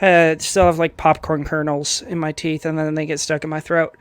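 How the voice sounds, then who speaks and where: Young man, high voice, dry room, excitable, slangy, casual podcast chat. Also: smooth, dry recording. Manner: excitable, slangy, fast bursts. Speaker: podcast co-host.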